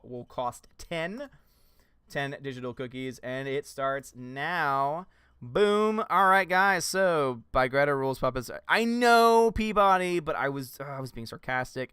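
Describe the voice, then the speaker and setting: A man's voice: on the high side, pushed and bright, clear, resonant tone, no room sound. A man with a Southern US accent hosting a casual livestream, playful and joking with his viewers. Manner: playful, joking, laughs often. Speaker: livestream host.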